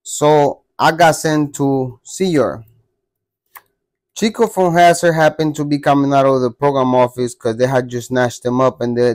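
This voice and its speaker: A man's voice: mid-range voice, a little mellow, no room sound. Blunt, profane man telling a story. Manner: blunt, profane street slang. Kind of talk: casual storytelling.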